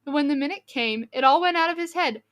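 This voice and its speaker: A woman narrating a classic novel in a measured, expressive reading. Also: sits high. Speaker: audiobook narrator. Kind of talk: storybook reading. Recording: reading over music.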